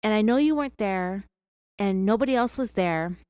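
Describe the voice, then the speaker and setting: A woman's voice: medium pitch, expressive, normal speed, a little mellow, clean tone, dry recording. A woman with an American accent hosting a true crime podcast, telling the story in a sarcastic, chatty way. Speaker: podcast host.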